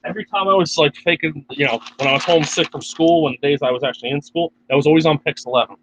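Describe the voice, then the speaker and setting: A man's voice: on the high side, fast talker, a little hiss or hum. A man in crude, slangy banter, swearing heavily and teasing the others. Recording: dull lo-fi sound.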